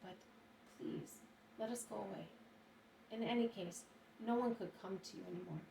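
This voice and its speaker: A woman's voice: mid-range voice, moderate pace, gravelly, warm tone, a little hiss or hum, close to an everyday voice. A woman voicing an alarmed young male disciple who talks urgently, in exclamations, in a roomy recording from a distant mic. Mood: frantic.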